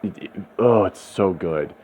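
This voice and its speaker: A man's voice: low-pitched, a little slow. A man talking in a rambling, profane, ranting monologue as host of his own channel. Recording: slightly dull lo-fi, faint background noise.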